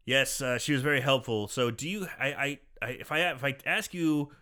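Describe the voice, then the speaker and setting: A man co-hosting a casual chat, retelling a film scene with animated storytelling, acting out the characters' lines. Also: medium pitch, moderate pace. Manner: animated storytelling, acting out quoted lines, frequent laughs and swearing. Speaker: podcast co-host recapping a film.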